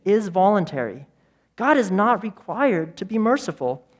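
A man preaching a sermon as pastor, emphatic, with repeated phrases and dramatic pauses. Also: on the high side. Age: adult parent of young children.

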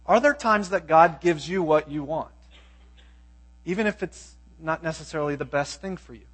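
A man's voice: a little high, moderate pace, husky. A man preaching a sermon, reading scripture and asking his listeners pointed questions. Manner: emphatic, asks the audience questions.

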